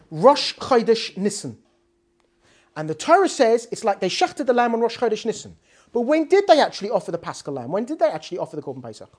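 Animated woman teaching a Torah lesson. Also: a little high. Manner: animated, many rhetorical questions, Hebrew terms mixed in.

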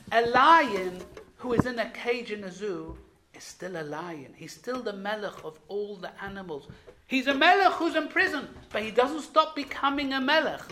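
Earnest bright-voiced woman teaching Torah. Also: medium pitch. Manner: earnest, swells loudly when quoting the texts. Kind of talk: Torah lesson.

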